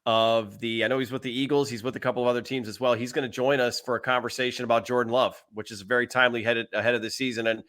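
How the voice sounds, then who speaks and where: A quick-talking podcast guest with a bright, forceful voice. He chats casually and rattles through plugs and thanks at speed. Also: mid-range voice, level tone. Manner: fast, upbeat promoter.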